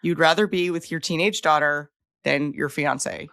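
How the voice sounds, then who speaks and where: A woman co-hosting a podcast in casual chat, emphatic and quick to react. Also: deep voice, creaky, fairly bright tone, no room sound, clean studio sound. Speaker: podcast co-host.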